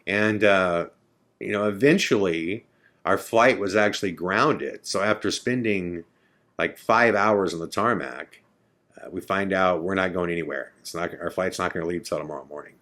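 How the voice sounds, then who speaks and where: A man's voice: deep voice, normal speed, a bit bright. A man hosting a podcast, casually telling a first-person story in a chatty, self-correcting way. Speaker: podcast host.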